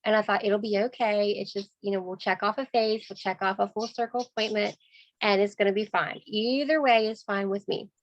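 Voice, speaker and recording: A woman sales consultant, telling a lively story on a video call, acting out voices and laughing often. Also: mid-range voice, fairly quick, dry recording, highs cut off.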